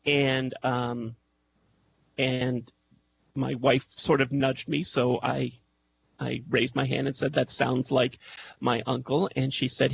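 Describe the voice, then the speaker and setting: A man's voice: medium pitch, steady tone, slow pace, vocal fry. A man, a guest on a radio show, telling a personal story over an internet call, hesitant with many ums and restarts. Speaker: guest, music intuitive. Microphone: Skype call. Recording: dull lo-fi call line with faint noise.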